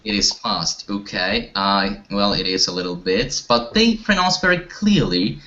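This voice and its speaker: A man's voice: lowish voice, animated, measured pace, bright, forceful tone. A man teaching an online English class, talking hesitantly with many fillers and restarts. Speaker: language teacher. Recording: dull lo-fi audio.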